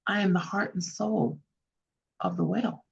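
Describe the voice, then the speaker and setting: A woman storyteller voicing a serene female spirit, the heart of a whale, speaking calmly and gently. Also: fairly low pitch, a little slow, creaky, breathy edge, lo-fi sound, heavily acted.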